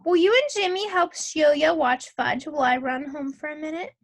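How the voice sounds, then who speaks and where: A woman's voice: sits high, normal speed. A woman reading a storybook aloud and voicing a flustered, harried mother who sounds anxious and pleading. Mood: fretful.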